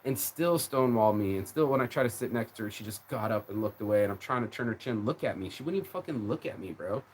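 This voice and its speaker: A man's voice: on the low side, expressive, fast talker, a little hiss or hum. A man ranting on a live stream in a rambling, emotional way, swearing often and repeating his words. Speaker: livestreamer. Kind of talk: casual rant on a live stream.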